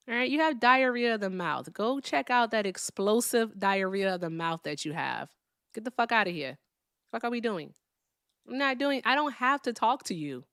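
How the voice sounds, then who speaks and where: A woman's voice: fairly high pitch, lively intonation, moderate pace, fairly bright tone, clean tone, no room sound, studio quality. A woman hosting a live call-in debate stream, blunt and profane, brushing callers off.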